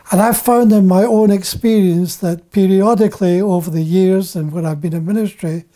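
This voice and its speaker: An older man and preacher giving a slow, deliberate Bible teaching, halting and repeating words for emphasis. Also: sits high, dark tone.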